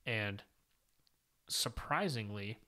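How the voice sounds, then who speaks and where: A man co-hosting a podcast, giving a casual, lively recap of a comic book story with plenty of filler words. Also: lowish voice, extremely slow. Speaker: podcast co-host.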